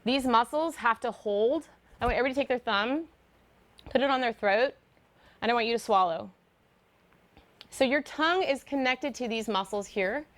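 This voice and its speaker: Higher-pitched woman voice coach, animated lecture style with quick sung demos. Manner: animated, demonstrates sung notes. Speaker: guest voice teacher. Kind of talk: lecture to a choir.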